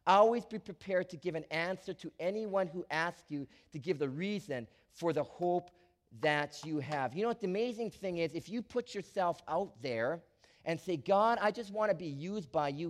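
A man preaching a sermon as a pastor, animated, swinging from quiet asides to loud emphatic lines with frequent restarts. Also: sits high, normal speed.

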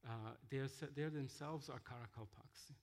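A man telling mission stories in a sermon, halting with fillers and restarts. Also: medium pitch. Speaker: missionary speaker. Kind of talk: sermon-style storytelling.

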